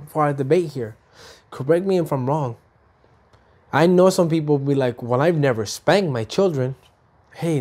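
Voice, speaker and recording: A Mexican vlogger in his thirties chats casually to the camera, telling animated stories in which he voices both his mom and himself with big upward leaps in pitch. He often repeats himself and restarts his words.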